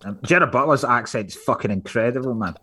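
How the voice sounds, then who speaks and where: A man's voice: mid-range voice, expressive, brisk, pushed and bright. A man, a podcast guest in casual chat, jokey and opinionated with plenty of swearing.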